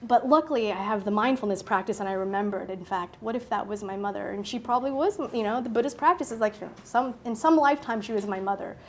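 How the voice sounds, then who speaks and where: A woman speaking at a public talk, telling a personal story in an animated way, acting out her own thoughts and laughing often. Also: medium pitch, fast talker, hardly any pauses, a little hiss or hum.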